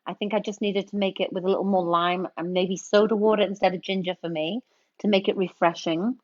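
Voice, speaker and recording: A middle-aged woman hosts a livestream, mixing cocktails while casually chatting and greeting viewers in a mid-range, steady, darkish voice at a fairly quick pace. She's chatty and playful and reads out viewer names, all on dull lo-fi stream audio.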